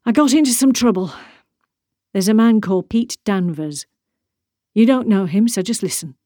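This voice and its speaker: Woman reading a calm, gentle husband. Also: mid-range voice, moderate pace, no room sound, clean studio sound, lightly acted. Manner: soft, gentle, mildly reproachful. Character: calm evasive man, returned husband. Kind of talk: audiobook character reading.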